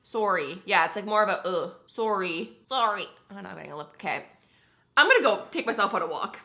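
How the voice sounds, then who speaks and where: A woman's voice: medium pitch, big pitch swings, racing, gravelly, bright, forceful tone. A woman in her twenties with a Canadian accent, chatting through a casual day-in-the-life vlog in a bubbly, self-deprecating way. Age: 20s. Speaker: vlogger. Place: home studio and kitchen, indoors.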